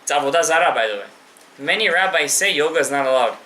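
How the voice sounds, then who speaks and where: Male rabbi teaching a live class, impassioned and direct, bright tone, swinging pitch, echoey room. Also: animated, quick pace, a little hiss or hum. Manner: impassioned, addresses listeners directly, mixes in Hebrew terms. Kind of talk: live Torah class to an audience.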